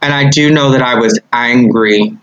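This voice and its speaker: A man as a podcast guest in casual conversation, halting and searching for words. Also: medium pitch, a bit bright, dull audio.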